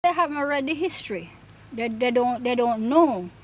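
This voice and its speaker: A woman's voice: on the high side, lively intonation, moderate pace, a little mellow. A woman speaking frankly in an interview.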